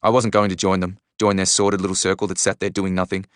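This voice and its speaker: A man narrating a first-person audiobook in a measured, even storytelling manner. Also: deep voice, clear, resonant tone, no room sound, clean studio sound.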